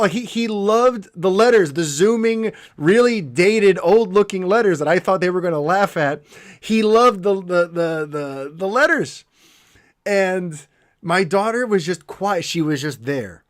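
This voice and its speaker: A middle-aged man with a fairly high voice hosts a podcast, telling a heartfelt story with plenty of feeling. He talks in an animated way and breaks off into quick asides. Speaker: podcast host. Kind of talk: casual podcast monologue.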